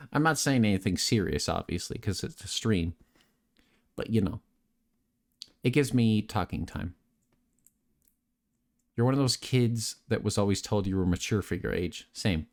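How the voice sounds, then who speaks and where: A young man with a fairly low voice hosts a relaxed late-night stream. He rambles and jokes, reading chat messages aloud and answering them in a casual, unpolished way. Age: young adult.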